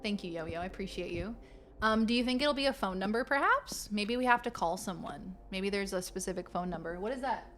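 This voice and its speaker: A woman streaming a game and chatting casually with her viewers, playful and quick to slip into silly voices. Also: mid-range voice, expressive, fairly bright tone, a little hiss or hum. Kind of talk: casual live-stream chat.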